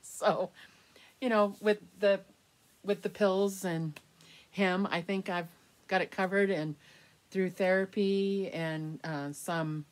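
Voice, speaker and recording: A middle-aged woman vlogging candidly to the camera, rambling and laughing softly as she talks. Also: mid-range voice, fairly even intonation, takes it slowly. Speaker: reborn doll collector vlogger. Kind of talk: casual chat to camera.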